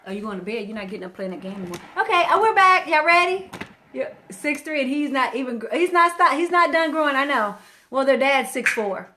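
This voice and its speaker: A woman's voice: high voice, expressive, a little fast, pushed and bright, a little hiss or hum. A woman in her fifties hosting a casual livestream, chatting straight to her viewers as a relationship speaker.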